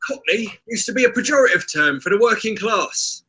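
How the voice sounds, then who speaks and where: A man in a casual group chat who quickly explains and weighs in on a point. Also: high voice, expressive, pushed and bright, slight background noise.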